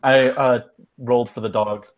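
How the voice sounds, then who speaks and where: A man's voice: medium pitch, steady tone, normal speed. A man playing a tabletop game who talks in a cheerful, giggly way. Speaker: player. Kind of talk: tabletop role-play.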